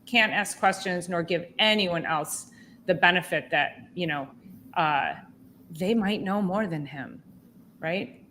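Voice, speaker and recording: A woman chiropractor hosting a podcast, telling a story in an animated, indignant way with lots of restarts. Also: lowish voice, slow pace, slight background noise. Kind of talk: casual podcast chat.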